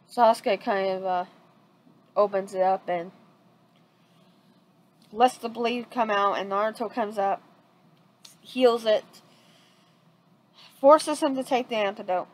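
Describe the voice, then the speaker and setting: A woman's voice: mid-range voice, unhurried, long pauses, poor audio. A woman casually retelling a fan story, rambling with frequent restarts.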